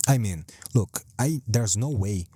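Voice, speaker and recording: A man hosting a rambling solo podcast from a parked car, speaking English as a second language, self-deprecating and swearing a lot with halting restarts. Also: on the low side, expressive, warm tone, slightly rough, no echo, clean studio sound. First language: not English. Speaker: podcast host.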